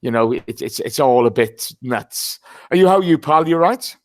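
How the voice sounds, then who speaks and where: A man's voice: medium pitch, lively intonation, moderate pace, dry recording. A man hosting a casual football podcast, chatty and greeting listeners by name. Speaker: podcast host.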